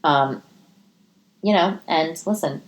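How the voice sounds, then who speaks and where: A woman hosting a casual solo podcast from her living room, talking in an animated, profane way, with her pitch swinging up into high exclamations. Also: slow. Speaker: podcast host.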